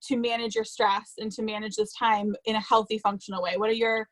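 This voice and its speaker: A woman in her thirties leads a video call interview, her voice a touch high. She is encouraging and affirming, keeping the talk relaxed and chatty. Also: fairly quick, low-quality recording. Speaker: interviewer, parent coach.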